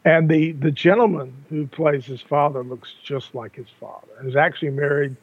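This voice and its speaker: A man's voice: a little high, steady tone, normal speed, slightly rough, no echo. An older man co-hosting a casual podcast, talking in rambling sentences with frequent restarts and repeated words. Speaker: podcast co-host. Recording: tinny phone-like line, dry.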